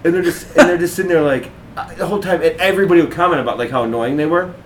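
A man's voice: a little high, racing, distant mic, slight background noise, rough recording. Profane rambling male podcast host. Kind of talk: crude casual chat.

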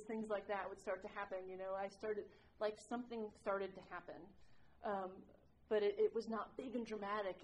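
A woman's voice: mid-range voice, a little mellow, slight background noise, low-quality recording. Candid woman telling her recovery story. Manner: candid, self-mocking, rambling with many "like"s. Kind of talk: personal recovery share to a group.

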